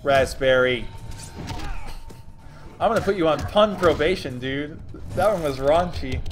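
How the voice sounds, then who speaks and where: A young man from Texas giving casual, joking commentary on a game stream and reading chat messages aloud. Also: on the high side.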